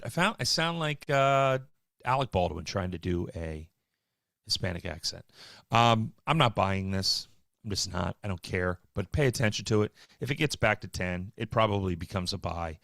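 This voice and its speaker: A man hosting a live stock market show, talking casually with wry, offhand asides and quick bursts. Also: deep voice, creaky, fairly bright tone, dry recording, studio quality. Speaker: market livestream host.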